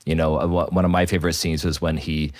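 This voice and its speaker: A man's voice: extremely low pitch, little pitch movement, fast talker, dry recording, clean studio sound. A man, a priest co-hosting a podcast, talking reflectively with frequent repeated starts. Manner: thoughtful, with many repeated starts.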